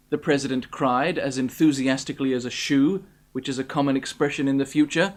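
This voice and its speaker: A man reading his own comic story aloud in a deadpan, dry narration. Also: mid-range voice, a little fast, few pauses.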